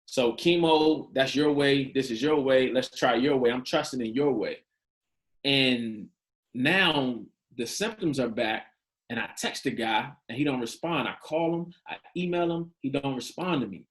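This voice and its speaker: A man in his thirties speaks as a podcast guest, telling a personal story in loose, slangy talk. He acts out the quoted dialogue with lively shifts. His voice sits at a middling pitch for a man. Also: measured pace. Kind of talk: candid storytelling in an interview.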